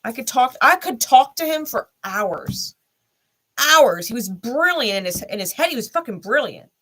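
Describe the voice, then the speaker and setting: A woman's voice: fairly high pitch, lively intonation, moderate pace, fairly bright tone. A woman speaking bluntly in a candid vlog monologue, swearing often and repeating short heated lines straight to the listener. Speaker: tarot reader and channel host.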